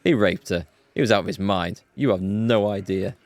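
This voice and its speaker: A man's voice: sits low, moderate pace, no room sound, natural voice. A man voicing a hot-tempered, burly male dockworker boss in a game, swearing and snapping. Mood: angry. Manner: angry, crude.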